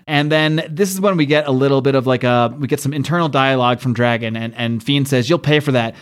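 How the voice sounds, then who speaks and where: A man hosting a casual podcast, talking excitedly with lots of fillers, restarts and laughs. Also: medium pitch, quick pace, smooth. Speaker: podcast host.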